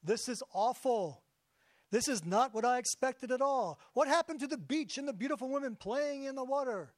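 A man's voice: sits high, animated, normal speed, no echo, clean studio sound, voice pushed up. A man voicing a middle-aged billionaire in a comic joke told during a sermon, plain-spoken and eager. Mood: dismayed. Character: Bill Gates, a middle-aged billionaire, eager then dismayed.

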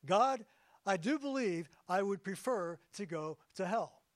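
A man's voice: high voice, lively intonation, unhurried, no room sound, studio quality. A man voicing a middle-aged billionaire in a comic joke told during a sermon, plain-spoken and eager. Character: Bill Gates, a middle-aged billionaire, eager then dismayed.

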